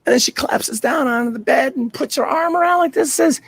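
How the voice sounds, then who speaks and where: A man performing an earnest, reflective personal storytelling monologue with dramatic swings in pitch and loudness. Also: animated, fast, vocal fry, slightly rough.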